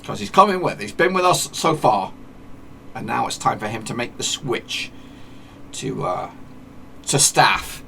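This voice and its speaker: Male gaming host, mid pitch, gravelly, loose self-correcting play-by-play, faint hiss on the recording. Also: very animated, measured pace, long pauses, bright, forceful tone. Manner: rambling, self-correcting chatter with mock match commentary. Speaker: gaming YouTuber. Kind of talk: casual game commentary.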